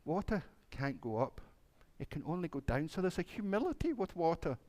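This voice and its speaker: A minister tells a children's story in a church service, his voice rising and falling a great deal. He sits slightly high in pitch for a man and plays up the animals' lines with relish. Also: big pitch swings, a little fast, darkish tone.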